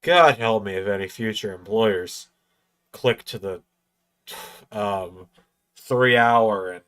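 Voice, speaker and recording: A man's voice: lowish voice, slow pace, fairly bright tone. A tipsy man hosting a live watch-along stream, rambling and swearing a lot as he comments. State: tipsy from drinking. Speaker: stream host.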